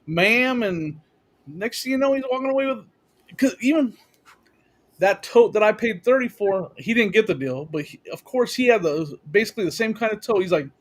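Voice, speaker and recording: A man in casual chat on a video call, excitedly telling stories about deals. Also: sits high. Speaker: reseller on a panel.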